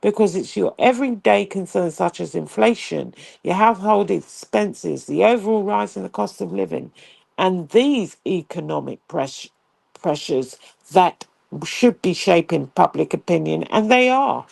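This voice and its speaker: A woman's voice: fairly low pitch, animated, unhurried, creaky, a little mellow, no echo. A woman co-hosting a political talk show, chatting loosely with frequent fillers and restarts. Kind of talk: casual political commentary.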